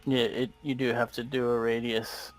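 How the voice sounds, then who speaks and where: A man playing a tabletop game, giving short reactions and quick questions in casual chat. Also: mid-range voice, flat delivery, soft background music, low-quality recording. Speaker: player.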